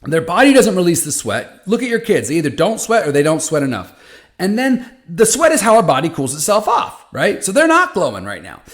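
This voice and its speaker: A man's voice: high voice, huge pitch swings, fairly quick. A man hosting a foundation podcast, talking casually and animatedly from his office, often restarting phrases. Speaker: podcast host for a patient foundation. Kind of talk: casual monologue. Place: hot office.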